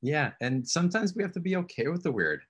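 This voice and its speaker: A man's voice: on the high side, very animated, fast talker, a bit bright, slightly rough. A man hosting a casual conversation, encouraging his guest and coaxing her with questions. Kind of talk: casual spiritual coaching chat.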